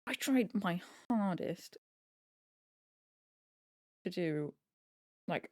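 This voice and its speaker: A woman's voice: fairly low pitch, animated, very slow, pauses often, a little mellow, no echo, studio quality. A woman streamer chatting casually to herself while she sews, in a self-talking way with mild swearing. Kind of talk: casual chat while sewing on a live stream.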